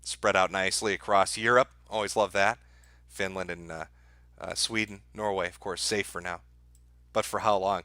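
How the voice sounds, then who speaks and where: A middle-aged man hosting a live stream, talking crudely and mockingly to his chat with deadpan asides. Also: sits low, moderate pace, no room sound. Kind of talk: sardonic live-stream commentary.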